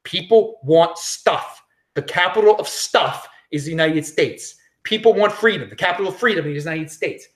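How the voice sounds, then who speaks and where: Vlogger, off-the-cuff opinion talk, blunt, repeats lines for punch, pitch swings up and down freely. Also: lively intonation, normal speed. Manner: blunt and dismissive, repeats phrases for emphasis. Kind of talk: casual opinion commentary.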